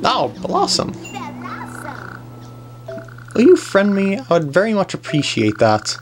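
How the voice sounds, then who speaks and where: In a mid-range voice with wildly swooping pitch, a woman slowly narrates a let's play of a video game. Her commentary is playful and chatty, often addressed to the on-screen characters, with faint game music behind her.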